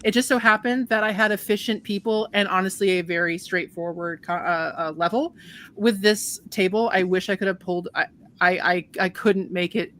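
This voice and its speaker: A woman's voice: mid-range voice, steady tone, normal speed, a bit bright. A woman hosting as game master, chatting casually with restarts and swearing. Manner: laid-back, swears casually, rambling with restarts. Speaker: game master and show host. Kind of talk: casual chat.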